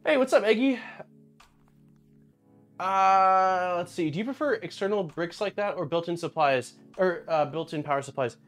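A man's voice: high-pitched, moderate pace, soft background music. A man hosting a casual live-stream unboxing, thinking aloud and greeting viewers in chat. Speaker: streamer host.

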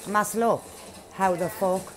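A young woman swearing and laughing through excitable live commentary on her own game. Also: medium pitch, measured pace. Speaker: gaming streamer.

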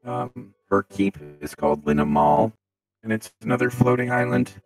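A man's voice: fairly low pitch, lively intonation, moderate pace, music in the background, low-quality recording. A man playing in a tabletop game, rambling through a recap from his notes over a video call, with stumbling restarts. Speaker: player.

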